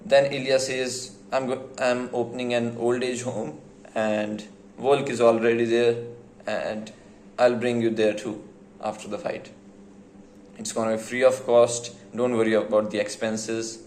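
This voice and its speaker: A young man talks through a fight interview with loud enthusiasm, swearing freely and laughing as he retells the best lines. His mid-pitched voice sits in an echoey room. A faint hum of ambient noise runs underneath. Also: measured pace. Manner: excited, swearing, laughs often, retells quotes with relish. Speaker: commentator recapping an interview. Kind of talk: casual reaction commentary.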